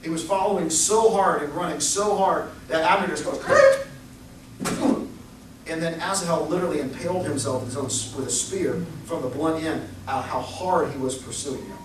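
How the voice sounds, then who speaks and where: Young guy preaching, high voice, big echo, sounds far from the mic. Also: moderate pace, noisy background. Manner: animated storytelling, acts out quoted voices. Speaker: pastor. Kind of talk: sermon. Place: church sanctuary. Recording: echoey church recorded from far off.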